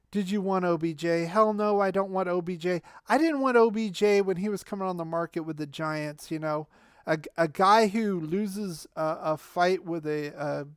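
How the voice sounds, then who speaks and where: A man's voice: high-pitched, clean tone, no room sound, clean studio sound. A man hosting a fan livestream, answering chat commenters in a heated, argumentative way. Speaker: fan channel livestream host.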